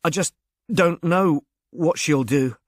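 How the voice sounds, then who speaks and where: A bashful young gentleman who stammers over his words and keeps apologising with awkward politeness, as a man reads him. He is pitched fairly high, and the voice sits dry and close. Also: takes it slowly, dry recording. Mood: earnest, worried. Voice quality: stammering, diffident. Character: shy stammering young Englishman, earnest and polite. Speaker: reader.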